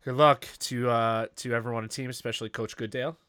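A man's voice: medium pitch, steady tone, fast, pushed and bright, smooth, dry recording, clean studio sound. Pria santai bercerita panjang, rekaman kering. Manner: rambling storyteller, many fillers and restarts. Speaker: podcast co-host. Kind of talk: casual chat.

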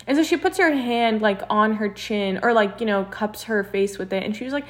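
A woman's voice: mid-range voice, brisk, few pauses. A young woman telling a personal story in casual chat, acting out what others said. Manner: animated storyteller, acts out quotes.

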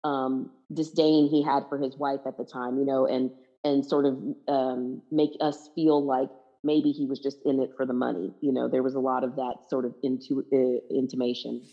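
A woman's voice: rumbling low, level tone, moderate pace, hardly any pauses, highs cut off. A woman in casual conversation about a TV series, frank and chatty, often correcting her co-host. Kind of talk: casual chat.

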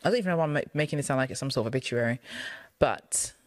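A woman's voice: extremely low pitch, racing, dry recording. A young woman co-hosting a podcast in casual chat, playful and teasing, laughing often. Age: young adult. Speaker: podcast co-host.

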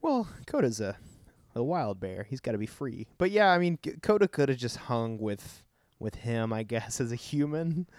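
A man of middle pitch chatting as a co-host, with a dry and teasing sense of humor. He drops sarcastic asides into the talk. The recording is close and dry. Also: very animated, normal speed, a little mellow, no room sound. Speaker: podcast co-host. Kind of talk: casual comedic chat.

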